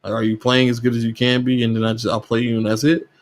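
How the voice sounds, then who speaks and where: Speaking fast with a flat delivery, a man guesting on a gaming podcast launches into a heated, profane rant during casual chat, his pitch climbing as he goes.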